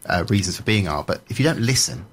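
A man's voice: low voice, expressive, fast. A man, a media trainer and journalist, telling anecdotes in a casual podcast chat with emphatic energy.

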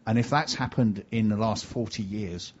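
Man, older, radio host, husky low voice, chatty, repeats himself, muffled sound. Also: normal speed. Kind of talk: casual radio chat.

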